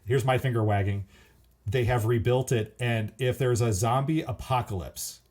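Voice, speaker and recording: A man's voice: mid-range voice, normal speed, a little mellow. A man from the United States hosting an interview, chatting casually and telling rambling anecdotes with frequent restarts.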